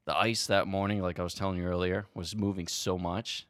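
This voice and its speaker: A man co-hosting a podcast, telling a long story in an animated way and swearing freely. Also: low-pitched, fairly quick, dry recording, clean studio sound. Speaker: podcast co-host. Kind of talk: casual storytelling chat.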